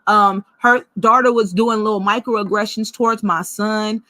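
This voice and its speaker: A woman vlogger telling a personal story in a blunt, profane, animated way. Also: medium pitch, normal speed, no echo.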